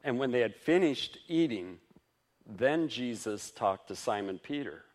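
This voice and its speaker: Here a pastor preaches in a medium-pitched voice, going a little slowly. The sermon feels relaxed and conversational, marked by energetic upward lifts, gentle side remarks and plenty of chuckling.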